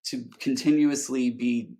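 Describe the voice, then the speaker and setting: Male podcast guest, slow and gravelly, candid and heartfelt, halting delivery. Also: medium pitch, fairly even intonation, dark tone. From Texas. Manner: earnest, emotional, halting with restarts. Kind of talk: candid conversational interview.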